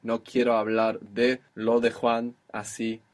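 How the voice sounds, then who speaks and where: A man's voice: medium pitch, completely flat delivery, unhurried. A man teaching a spoken language lesson, patiently explaining step by step and encouraging his student.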